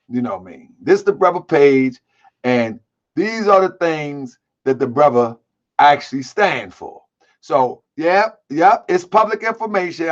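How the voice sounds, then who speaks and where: A man hosting an online commentary show, talking in a heated, repetitive way with streetwise slang. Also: on the high side. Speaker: host. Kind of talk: casual commentary. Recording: dull lo-fi sound.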